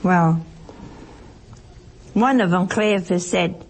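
A woman's voice: mid-range voice, expressive, slow pace, vocal fry, long pauses, darkish tone, slight background noise. A woman teaching a Bible study to a group, talking conversationally and expressively with rhetorical questions and playful asides.

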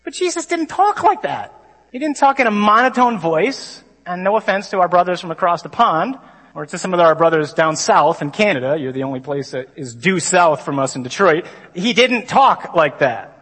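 A man, a priest, giving a lively conference talk to a crowd of men. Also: high voice, normal speed, breathy edge. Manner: lively, mimics stuffy readings. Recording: long hall reverb.

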